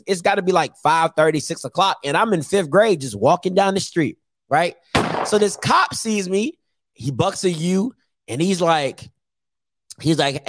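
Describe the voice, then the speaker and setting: A man telling a comic childhood story, animated and laughing, acting out the voices. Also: high voice, no echo, studio quality.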